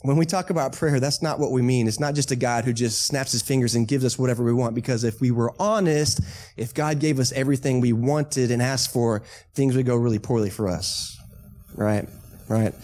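Joking, conversational pastor with a Texan accent. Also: male voice, mid-range voice, brisk, darkish tone. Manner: conversational, joking, asks the congregation questions. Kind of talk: sermon. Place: church sanctuary.

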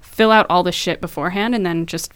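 A woman's voice: on the low side, fairly even intonation, quick pace, a bit bright, clear, resonant tone, dry recording. A pregnant woman co-hosting a podcast in casual chat, frank and frustrated, swearing casually. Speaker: podcast co-host.

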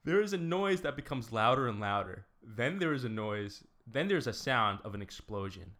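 A man casually hosting a guessing game with a friend, reading clues slowly, stumbling over words and giggling. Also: medium pitch, very animated, fairly bright tone. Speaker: quiz host of a guessing game. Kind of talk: casual chat.

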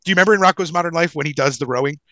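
A man spins a rambling story on a casual podcast, swearing freely and restarting sentences as he goes. His voice has a bright, forceful edge. It is recorded close and dry, with no room sound. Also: a little high, very fast, dry recording, rough recording. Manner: rambling, profane, animated anecdote-telling with frequent restarts. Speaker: podcast co-host.

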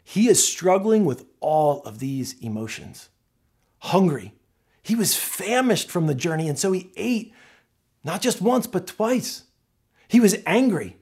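A man preaching a sermon, reading scripture aloud and then talking it through in an expressive, conversational way, often restarting his phrases. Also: high-pitched, a little slow, breathy edge. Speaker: pastor.

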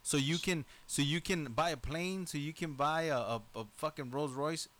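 A man's voice: a little high, moderate pace, a bit bright. A man co-hosting a talk radio show, speaking bluntly and swearing heavily as he rants. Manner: blunt, profane ranting. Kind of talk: casual chat.

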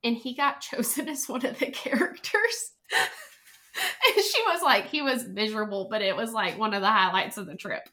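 A woman chatting as a guest, an animated storyteller who acts out quotes. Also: fairly high pitch, normal speed. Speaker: podcast guest, travel planner. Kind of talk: casual chat.

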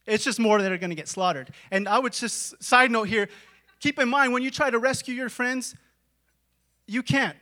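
A man preaches with a high, bright, ringing voice. He talks casually, tossing in "like" and "right?", and swings from quiet, intimate stretches to full shouts. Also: normal speed. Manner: dramatic swings from hushed to shouting; conversational, with filler "like" and "right?". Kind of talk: sermon.

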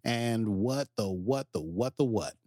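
A man co-hosting a podcast, recapping episodes in casual, animated chat. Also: medium pitch, a little slow, no room sound, clean studio sound. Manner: animated, jumps into quoted character voices. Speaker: podcast co-host.

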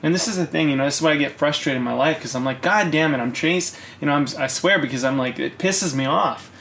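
A man co-hosting a podcast, ranting in casual chat, swearing often and rising into loud bursts. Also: a little high, quick pace, a little hiss or hum. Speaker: podcast co-host.

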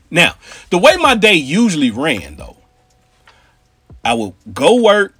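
A man from Cincinnati spins a story in a husky, slightly raised voice, his pitch bouncing with animated energy. He talks in street slang and turns to his listeners with asides. The sound is dry and close, with faint music behind. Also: a little slow, no room sound. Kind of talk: casual storytelling.

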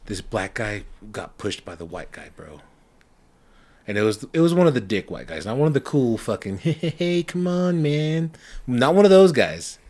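A man's voice: on the low side, normal speed. Profane young man telling stories. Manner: profane storytelling, animated impressions. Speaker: podcast co-host. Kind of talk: casual chat.

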